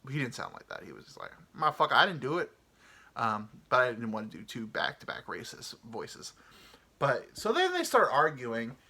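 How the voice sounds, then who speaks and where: Man, comedy podcast host, lively rambling storytelling, bright voice, lots of swearing. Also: medium pitch, moderate pace, slightly rough. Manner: animated, rambling, full of fillers and swearing.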